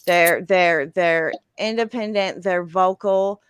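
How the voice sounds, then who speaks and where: A woman in casual online chat, speaking in a halting, hesitant way. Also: on the low side, clean tone, no echo.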